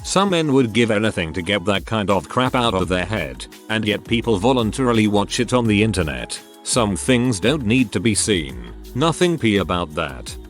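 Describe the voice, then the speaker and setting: A man narrating a series of forum stories in a steady scripted reading. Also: lowish voice, normal speed, hardly any pauses, faint music behind.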